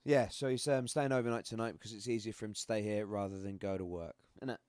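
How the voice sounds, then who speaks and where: A man's voice: fairly low pitch, steady tone, quick pace, darkish tone, no room sound. Middle-aged northern English man, live-stream host; rambling and chatty, very dry close sound. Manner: rambling, chatty, laughs often. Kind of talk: casual chat. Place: home room.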